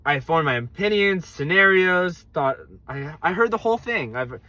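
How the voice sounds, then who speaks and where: A young man vlogging to camera, telling a casual story with quick asides and acted-out quotes. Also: fairly high pitch, animated, pushed and bright, dry recording.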